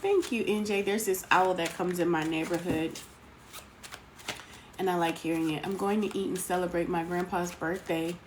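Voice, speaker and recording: A woman's voice: on the low side, fairly even intonation, moderate pace. A woman hosting a casual live tarot stream, greeting viewers by name and calling them sweetheart. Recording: noisy home recording.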